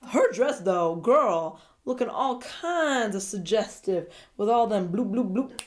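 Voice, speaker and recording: A woman giving a casual, opinionated recap of a TV episode, chatty and quick to slip into playful voices. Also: medium pitch, expressive. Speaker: TV show recap vlogger. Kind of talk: casual commentary monologue.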